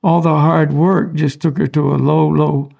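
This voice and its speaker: A man from the United States, a spiritual teacher, explaining ideas in a relaxed, casual conversational way with small chuckles. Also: a little high, moderate pace, creaky.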